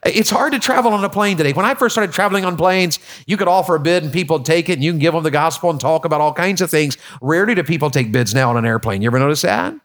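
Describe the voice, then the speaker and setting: High-voiced folksy preacher. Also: male voice, very fast, hardly any pauses, fairly bright tone. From Tennessee, USA. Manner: folksy, joking with congregation, repeats words. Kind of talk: sermon.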